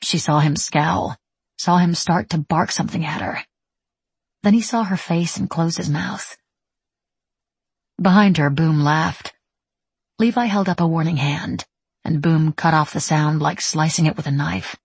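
A woman narrating an audiobook in a steady, even storytelling manner. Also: sits low, a little slow, pauses often, husky, no echo. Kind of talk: scripted narration.

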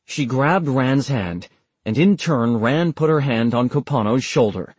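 Husky male audiobook narrator. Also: mid-range voice, lively intonation, unhurried, a little mellow, no echo. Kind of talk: scripted narration.

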